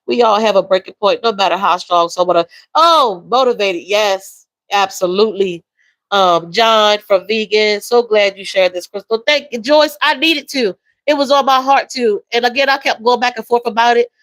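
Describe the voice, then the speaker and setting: Woman livestream host, warm and emotional, addresses chat directly, dry close recording, mid voice. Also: medium pitch, moderate pace, no room sound, poor audio. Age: adult with a young daughter. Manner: emotional, soft-spoken, repeats phrases, addresses viewers as y'all and baby. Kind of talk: casual livestream chat reading comments.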